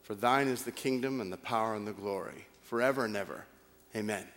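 An actor playing a bitter grown man praying in a recorded skit, grumbling at first and later reciting quietly. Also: extremely high pitch, big pitch swings, moderate pace, exaggerated voice. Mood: humbled, prayerful. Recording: long hall reverb.

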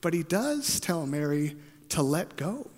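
A man preaching a sermon, moving between hushed storytelling and loud, fervent passages. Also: a little high, sing-song, a little slow. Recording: long hall reverb.

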